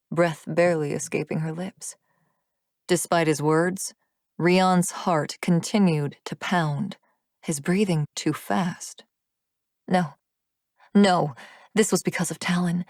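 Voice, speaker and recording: A woman narrating an audiobook, reading the story in a steady, even manner. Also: lowish voice, no room sound, studio quality.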